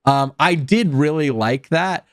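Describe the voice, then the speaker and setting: A man's voice: on the high side, measured pace, no room sound. Rambling man in casual film chat. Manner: rambling, heavy use of filler words. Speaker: podcast co-host.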